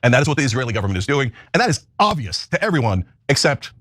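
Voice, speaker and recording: A man's voice: mid-range voice, sing-song, racing, fairly bright tone, no room sound. A man delivering heated, sarcastic political commentary as a show host, ranting with passion.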